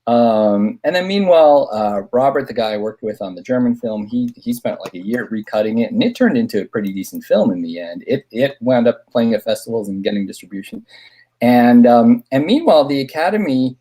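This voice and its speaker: A man's voice: medium pitch, fairly quick. A middle-aged man, a film director, telling a long anecdote in a casual podcast chat, acting out the people he quotes. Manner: animated anecdote teller, acts out quoted voices.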